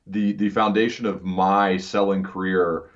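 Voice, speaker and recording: A man's voice: deep voice, steady tone, measured pace. A man hosting a podcast interview, talking earnestly and often restarting his words. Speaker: podcast host. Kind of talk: conversational interview. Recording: dull lo-fi sound.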